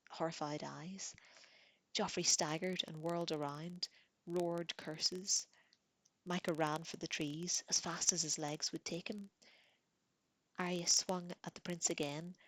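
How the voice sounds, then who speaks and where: Seorang perempuan membacakan novel dengan suara lembut dan pelan. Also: female voice, sits low, fairly bright tone, no room sound. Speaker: reader. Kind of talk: reading a novel aloud.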